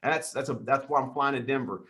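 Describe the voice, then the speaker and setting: A man hosting a weekly team sales call, reading out leaderboards with hyped shout-outs, calling people dude and brother. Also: medium pitch, steady tone. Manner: hyped, calls everyone dude and brother, quick asides.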